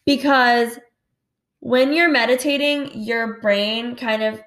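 A woman's voice: fairly high pitch, fairly even intonation, takes it slowly, fairly bright tone. A woman hosting a casual solo podcast, talking candidly, swearing freely and saying "like" a lot. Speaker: podcast host. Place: home at night. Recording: roomy echo.

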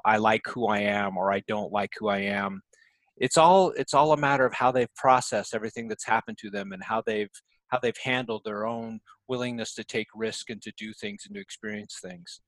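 A man telling a story at mid pitch on a dry, close recording. He rambles and restarts his sentences as he talks. Later he slows into reflective remarks. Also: fairly bright tone, no echo, poor audio. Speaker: podcast guest. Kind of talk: casual storytelling.

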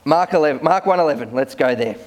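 A man's voice: a little high, lively intonation, fast talker. A man preaching a sermon as a pastor, conversational, often repeating words as he starts sentences.

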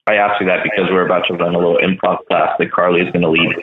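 A man's voice: low-pitched, steady tone, rapid-fire. Laid-back man on a tinny echoey line. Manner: laid-back, rambling, lots of fillers. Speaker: host. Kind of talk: casual chat.

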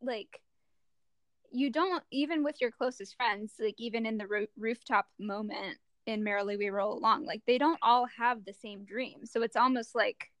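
A young woman in casual chat, halting and searching for words as she talks. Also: fairly high pitch, fairly bright tone, dry recording.

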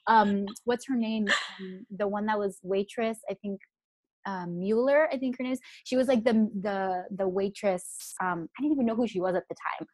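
A woman's voice: mid-range voice, moderate pace, darkish tone, dry recording. A young woman telling a personal story in a chatty way, filling her speech with "like". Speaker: guest.

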